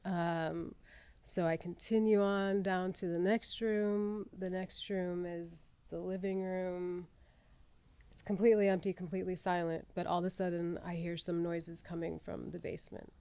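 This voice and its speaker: A woman narrating an improvised story on a podcast in a measured, deliberate way that builds suspense. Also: fairly low pitch, little pitch movement, warm tone, clean tone, dry recording.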